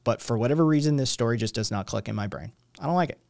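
A man's voice: mid-range voice, expressive, racing, vocal fry, a little mellow, no room sound, studio quality. A young adult man hosting a stream, ranting casually with lots of swearing and rambling restarts. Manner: profane, rambling, exasperated. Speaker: stream host.

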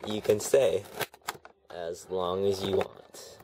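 A toy reviewer does a rambling, sarcastic unboxing at home, grumbling at the packaging. His deep voice is slow with little pitch movement, and the very noisy room has a TV on and a dog snoring.

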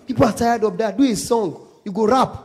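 A man with a Nigerian accent doing stand-up comedy, telling a story in an animated, pidgin-laced way. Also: high-pitched, brisk, husky. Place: live show venue.

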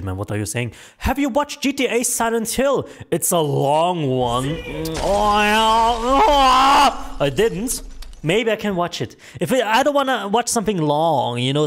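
A man streaming live, reading out viewer donations in a loose, joking manner with plenty of swearing; his voice sounds worn from talking. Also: fairly high pitch. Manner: loose, joking, profane banter. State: strained, tiring voice. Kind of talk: casual live-stream chat.

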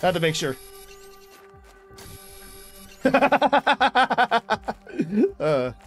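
A young male streamer with a high, bright voice, chatting loudly and crudely to his viewers over a desk mic. He rambles, swears and breaks into yells, with faint game music underneath. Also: animated, moderate pace. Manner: loud, rambling and profane, bursts into yelling. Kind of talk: casual live-stream chat while gaming.

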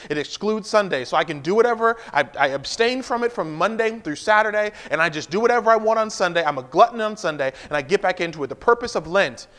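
A man's voice: high-pitched, fairly bright tone. A male pastor preaching a livestream sermon in a conversational way, repeating key lines and stopping for asides to the congregation.

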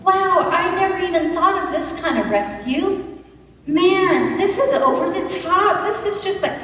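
A woman's voice: extremely high pitch, expressive, measured pace, a bit bright, very echoey, in a large hall, recorded from a distance, a little hiss or hum, voice pushed up, full character voice, low-quality recording. A woman playing Meshach, an eager young man in the furnace, who talks aloud to God in a dramatic monologue within a sermon. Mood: amazed.

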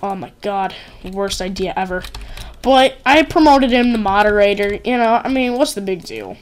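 Speaking at medium pitch and a moderate pace, a woman runs casual game commentary for her gaming channel, rambling, giggling and leaning on "like" and "um."

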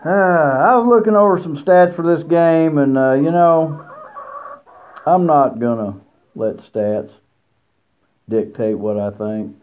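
A man's voice: a little high, lively intonation, takes it slowly, pauses often, smooth. A man talking casually at a chicken coop outdoors, rambling and teasing, with lots of fillers. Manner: folksy, teasing trash talk with many fillers. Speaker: college football fan vlogger. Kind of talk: casual rambling fan commentary. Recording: tinny phone-like sound outdoors. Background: chickens clucking.

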